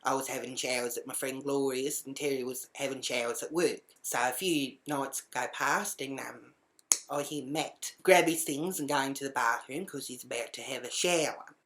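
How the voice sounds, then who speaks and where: A woman's voice: rumbling low, normal speed. Profane woman telling a story. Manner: profane, animated, shouts quoted lines. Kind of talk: casual storytelling monologue.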